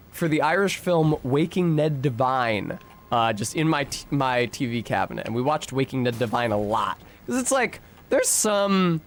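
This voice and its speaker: A man's voice: fairly high pitch, a little hiss or hum. A young American man streaming a game, chatting casually and swearing often while he answers his chat and rambles between fights. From United States.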